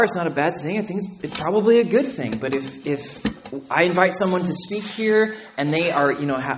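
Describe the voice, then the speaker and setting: Pastor guy, high voice, chatty sermon, keeps asking "right?". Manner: conversational preaching with frequent "right?" and "okay?".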